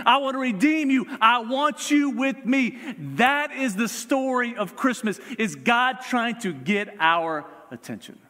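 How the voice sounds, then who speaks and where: A middle-aged man preaching a sermon as pastor, emphatic, swinging from loud calls down to quiet prayer. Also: high-pitched. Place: church sanctuary. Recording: long hall reverb.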